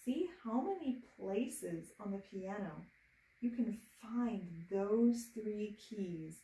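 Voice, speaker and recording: A woman's voice: medium pitch, expressive, slow, mellow, reverberant, recorded from a distance. A woman teaching a piano lesson to students at home, patient and encouraging, walking through each step and chanting rhythm syllables. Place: room with a piano. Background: piano playing.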